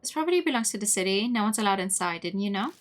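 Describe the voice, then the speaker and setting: A woman's voice: mid-range voice, animated, very fast, natural voice. A woman voicing a suspicious young male night guard in a horror game.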